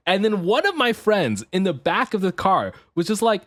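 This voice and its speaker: Animated, lively-pitched male streamer. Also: fairly quick, few pauses, no room sound. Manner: animated, swears and laughs often, rants half-jokingly. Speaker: VTuber streamer. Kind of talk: casual live-stream chat.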